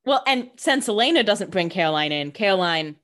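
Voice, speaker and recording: A woman's voice: expressive, a little fast, a bit bright. A woman co-hosting a casual chat about a TV episode, adding wry, joking asides. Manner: wry, joking asides with big swings in pitch.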